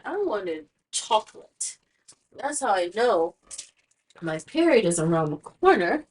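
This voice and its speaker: A young woman chats on her stream, talking to herself as she rummages around and teasing herself as she goes. She takes her time, and her fairly high voice swings widely in pitch. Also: slightly rough. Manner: chatty, self-mocking, talks to herself. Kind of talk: casual chat while streaming.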